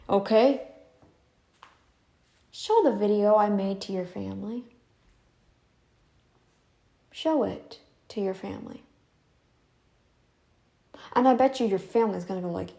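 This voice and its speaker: A woman's voice: fairly high pitch, a little slow, pauses often, mellow. A woman talking off camera from her home, repeating her demands in a confrontational way with frequent restarts. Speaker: YouTube commentary channel host. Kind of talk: casual direct-to-camera monologue. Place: home room, not in frame.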